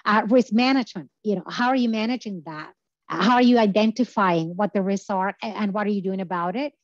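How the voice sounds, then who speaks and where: A woman at a middle pitch presents lecture slides, explaining each point with frequent hesitations. Her voice sounds a little worn from a long day of talking. The sound is dry and slightly muffled. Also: a little fast, no echo. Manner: explanatory, many filler uhs. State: tired voice from talking all day. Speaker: guest lecturer.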